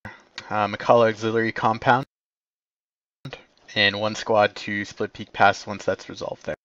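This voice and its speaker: A man's voice: lowish voice, little pitch movement, a little slow, fairly bright tone, no echo, lo-fi sound. A man commanding teammates over game voice chat in clipped, radio-style orders. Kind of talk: voice comms, giving orders.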